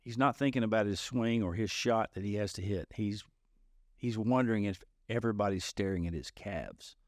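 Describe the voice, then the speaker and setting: A man's voice: on the low side, normal speed, a little mellow, no room sound, studio quality. A man co-hosting a podcast who teases his friends and laughs while he talks. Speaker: podcast co-host. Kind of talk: casual chat.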